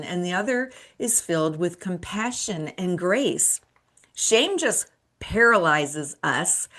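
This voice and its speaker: Slow-spoken encouraging woman host. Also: on the low side, a bit bright. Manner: earnest, encouraging, rhetorical questions. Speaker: midlife coach and show host. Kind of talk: solo motivational talk.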